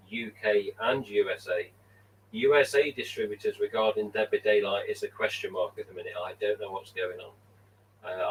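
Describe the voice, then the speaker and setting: A rambling, chatty man hosting a casual live stream from a room at home. His voice sits fairly low and sounds set back from the mic. A faint hum of ambient noise runs underneath. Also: a bit bright, far from the mic, rough recording. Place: room at home with mask collection.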